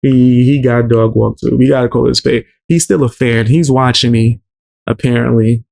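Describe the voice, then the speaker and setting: A man with a gravelly, fry-heavy voice hosts a stream. He talks offhand and slangy, in a mid-range pitch. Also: steady tone, normal speed, darkish tone. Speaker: host. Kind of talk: casual stream commentary.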